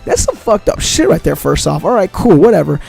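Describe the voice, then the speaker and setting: A young man tells a rambling personal story in casual, profane slang, circling back over the same points again and again. His voice sits high yet has a dark, mellow tone. Faint music plays quietly underneath. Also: very animated, brisk, vocal fry, husky. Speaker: vlogger.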